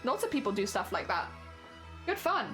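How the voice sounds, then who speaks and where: A woman's voice: medium pitch, very animated, moderate pace, a bit bright, faint music behind. A young woman streaming casually, chatting and giggling with her viewers while she crafts at home. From Britain. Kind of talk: casual live-stream chat.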